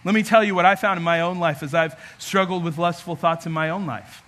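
Male pastor, lively joking sermon, high-pitched, bright tone. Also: a little fast. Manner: animated, humorous preaching with acted-out asides.

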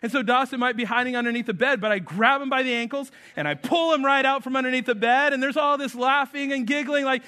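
A man in his thirties preaching a sermon, telling stories with lively acted-out voices. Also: very high-pitched, fast, hardly any pauses. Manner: storytelling, animated, acts out voices. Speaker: pastor.

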